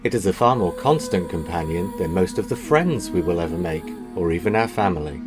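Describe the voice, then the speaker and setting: A man hosting a podcast, reading a scripted introduction and then chatting with a co-host in a measured, reflective way. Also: deep voice, expressive, music in the background. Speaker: podcast host and series editor.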